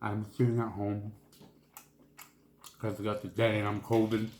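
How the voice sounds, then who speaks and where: A food vlogger eats a seafood meal on camera at home, chatting casually with his mouth full. His fairly low voice is slow and relaxed, and he drops Spanish exclamations between bites. There's a roomy echo and slight background noise.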